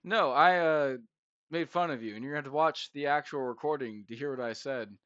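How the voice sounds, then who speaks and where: A man's voice: on the high side, fairly quick, a bit bright, no room sound, lo-fi sound. A man hosting a casual podcast on a headset, brash, crude and teasing. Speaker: podcast host. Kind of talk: casual chat.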